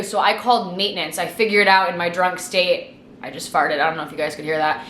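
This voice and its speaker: A woman's voice: lowish voice, brisk, slight background noise. Young woman vlogger, sweary storytime chat, tipsy, echoey room. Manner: chatty, swears a lot, animated retelling. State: tipsy from wine. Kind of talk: casual storytime monologue.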